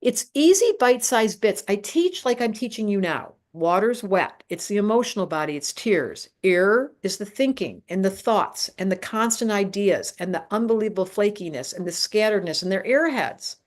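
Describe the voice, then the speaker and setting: A woman's voice: mid-range voice, normal speed, few pauses. An older woman presenting a live online astrology class, talking emphatically and directly to her viewers. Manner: animated, emphatic teacher addressing viewers directly.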